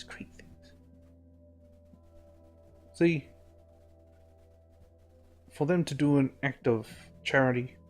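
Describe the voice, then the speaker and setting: A man's voice: medium pitch, darkish tone. A man hosting a game let's play, joking and laughing as he reads in-game documents aloud. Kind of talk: casual gameplay commentary, reading in-game documents.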